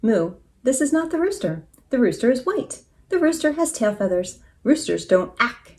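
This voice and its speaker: A skeptical storybook cow, as a woman reading aloud puts her on, sensible and worn out by her friend's plans. Her voice is high-pitched and sways widely in tone. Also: very animated, normal speed, darkish tone. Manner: skeptical, exasperated. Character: doubtful, sensible female cow.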